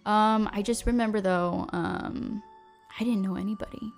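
A woman's voice: medium pitch, steady tone, moderate pace, gravelly. A young woman in the middle of her range, chatting as a podcast guest. She laughs often and fills gaps with "um", over faint background music. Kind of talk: casual interview chat.

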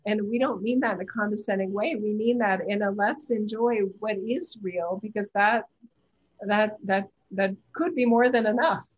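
A woman's voice: mid-range voice, steady tone, normal speed. A woman hosting a live call, speaking emphatically as a channeler who repeats her words. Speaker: host and channeler. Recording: dull lo-fi audio.

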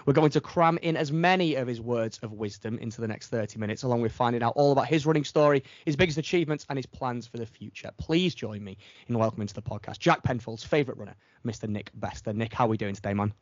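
A man's voice: mid-range voice, fast talker, dry recording. A man hosting a podcast, delivering a scripted, enthusiastic guest introduction. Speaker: podcast host. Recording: dry, dull lo-fi recording.

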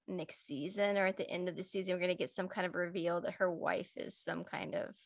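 A woman co-hosting a casual podcast chat about a TV show, animated and swearing freely. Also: on the low side, a little fast, vocal fry. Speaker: podcast co-host.

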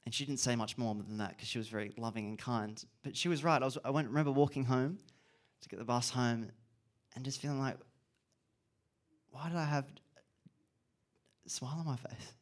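A man's voice: medium pitch, steady tone, fast talker. A man giving an earnest, reflective sermon and repeating key phrases for emphasis. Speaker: preacher.

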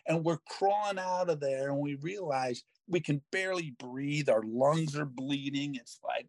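An older man hosting a podcast, telling a long story in a lively, self-mocking way and slipping into other people's voices. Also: a little high, measured pace, hardly any pauses, no room sound. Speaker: podcast host. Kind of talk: storytelling in casual chat.

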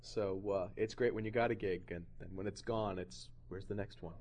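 A man speaking as a voice actor on a convention panel, joking, with halting restarts now and then. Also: on the low side, steady tone, a little mellow, a little hiss or hum. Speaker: voice actor guest.

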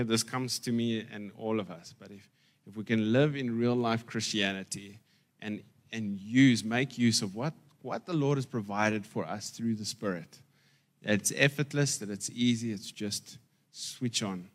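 A man preaching a sermon as pastor, emphatic and repeating key phrases, his loudness rising and falling. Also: on the low side.

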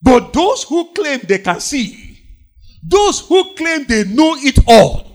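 A man's voice: extremely high pitch, big pitch swings, slow, soft background music. A man preaching a sermon, quoting scripture and driving points home by repeating them emphatically.

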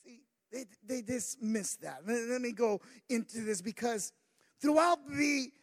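High-voiced preaching pastor, man. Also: lively intonation, a little slow. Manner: builds from quiet asides to shouted, sing-song preaching with many "uh" fillers. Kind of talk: sermon.

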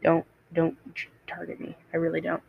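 A woman's voice: low voice, monotone, normal speed, gravelly, husky. Rambling teen girl on a cheap mic. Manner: rambling, self-interrupting, laughs at herself. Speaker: podcast host. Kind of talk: casual personal storytelling. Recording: dull lo-fi home mic.

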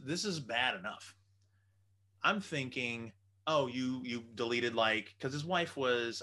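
A man telling a long story in a casual, animated way and swearing freely. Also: medium pitch.

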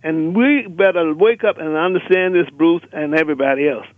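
A man's voice: fairly high pitch, normal speed, no room sound. A man calling in to a radio show, delivering a fiery, emphatic rant and repeating rallying lists. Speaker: caller. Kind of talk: impassioned radio call-in rant. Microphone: telephone. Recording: tinny phone line.

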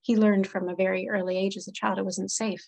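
A woman speaks fairly quickly in a medium-pitched voice with vocal fry, appearing as a therapist guest in a relaxed conversation. She's earnest and contemplative, animating her clients' quotes, and the recording is rough.

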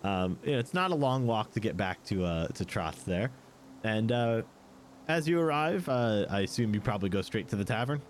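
A man's voice: on the low side, expressive, normal speed, slight background noise. A man narrating as game master of a tabletop game, with many fillers and frequent laughs.

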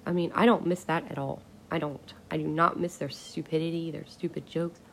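Gravelly-voiced woman ranting bluntly. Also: low-pitched, steady tone, normal speed, a little hiss or hum. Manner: blunt, exasperated, swears casually. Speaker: podcast host. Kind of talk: casual solo podcast rant.

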